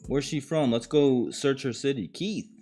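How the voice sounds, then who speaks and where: A man's voice: mid-range voice, moderate pace, warm tone, soft background music. A man hosting a live-streamed podcast, joking and reacting to clips in a casual, slangy way. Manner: uses slang and swearing. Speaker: podcast host.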